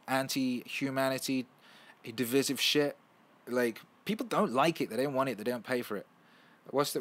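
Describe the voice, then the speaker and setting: Brief: male streamer, mid-pitch, swears a lot, animated, restarts often. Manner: profane, animated, with frequent restarts and fillers. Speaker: livestream host answering viewer questions. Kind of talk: casual livestream chat.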